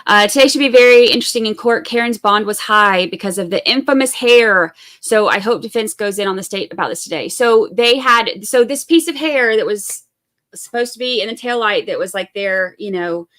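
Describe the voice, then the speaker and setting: A woman's voice: on the high side, fairly quick, a bit bright. A woman from Georgia, hosting a true crime live stream and chatting casually with viewers in a rambling way. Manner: chatty and rambling, full of fillers and asides.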